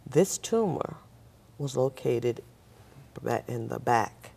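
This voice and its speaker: Very deep gravelly woman telling her story. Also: slow. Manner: animated, voices the people in her stories. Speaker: talk show guest; nurse. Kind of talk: personal storytelling.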